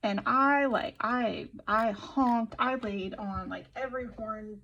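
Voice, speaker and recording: A woman's voice: a little high, slow, gravelly, pushed and bright, lo-fi sound. A young woman casually chatting and telling a rambling story while decorating her planner at home, full of fillers and self-interruptions. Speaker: planner vlogger.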